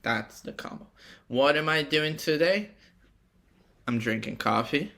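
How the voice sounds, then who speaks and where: A man's voice: fairly high pitch, lively intonation, measured pace, gravelly, bright, forceful tone. A young man hosting a podcast alone, talking casually in a rambling, profane and reflective way. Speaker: podcast host. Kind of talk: casual solo monologue.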